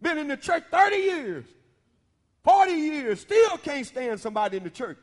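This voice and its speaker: A male pastor preaching a sermon in a church, colloquial and animated, teasing the congregation. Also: very high voice, normal speed. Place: church sanctuary. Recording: long hall reverb.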